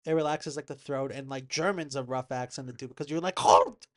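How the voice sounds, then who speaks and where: A young man as a podcast guest in casual chat, animated and jokey. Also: medium pitch, quick pace. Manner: animated, jokey, slips into silly voices.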